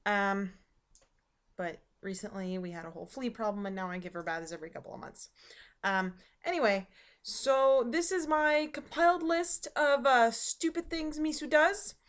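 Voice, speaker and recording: A young woman vlogs from her dining room at home, telling rambling stories packed with ums and likes in a casual storytelling style. Her voice is a little high, at a moderate pace.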